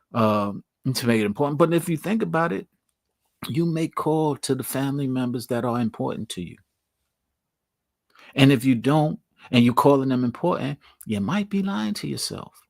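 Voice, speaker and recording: A man's voice: mid-range voice, lively intonation, normal speed, vocal fry, no room sound, clean studio sound. A man hosting his own show, talking casually and earnestly to viewers and repeating his points for emphasis. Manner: casual, slangy. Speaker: host. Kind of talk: motivational talk to viewers.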